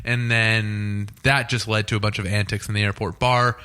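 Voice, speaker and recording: A man from Canada hosting a podcast, trading quick jokes and banter in casual chat. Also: on the low side, flat delivery, sharp tone, clean tone. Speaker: podcast host.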